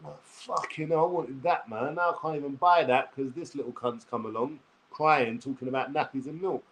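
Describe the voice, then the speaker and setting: A man's voice: mid-range voice, normal speed, a bit bright, a little hiss or hum, poor audio. A man ranting crudely and bluntly to his viewers, swearing freely and addressing them directly. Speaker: vlogger. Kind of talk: direct-to-camera rant.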